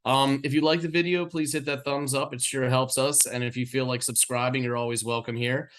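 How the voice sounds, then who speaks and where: A man's voice: medium pitch, flat delivery, fairly quick, a bit bright. A man co-hosting a music reaction show in an easygoing, agreeable way, signing off the episode. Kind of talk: casual chat.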